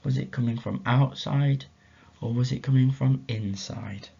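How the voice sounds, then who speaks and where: Man teacher telling a story to schoolchildren, expressive, lo-fi muffled recording. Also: medium pitch, a little slow, vocal fry, slightly rough. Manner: expressive, asks the children questions.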